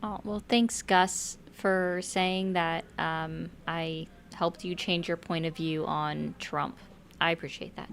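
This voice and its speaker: A woman in casual group conversation as a political commentator, joking and talking in quick asides. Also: on the low side, level tone, gravelly, a little hiss or hum. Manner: jokey, talks in quick asides with fillers. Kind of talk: casual group chat on a live stream.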